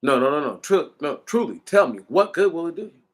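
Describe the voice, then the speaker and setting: A man's voice: on the high side, sing-song, brisk. A man delivering an impassioned commentary, hammering his points with repeated rhetorical questions in a preaching cadence.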